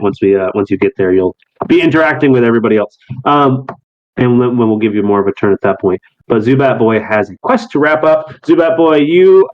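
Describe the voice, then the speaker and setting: A man running a tabletop game, narrating in a loose, chatty way with lots of fillers. His voice sits at an ordinary mid pitch. The audio is slightly muffled and lo-fi. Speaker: game master.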